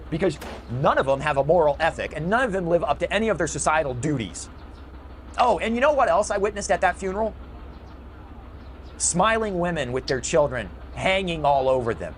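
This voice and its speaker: A man's voice: fairly high pitch, lively intonation, brisk, a little hiss or hum. A middle-aged man delivering an emotional, bitter ranting monologue in a video. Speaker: video commentator.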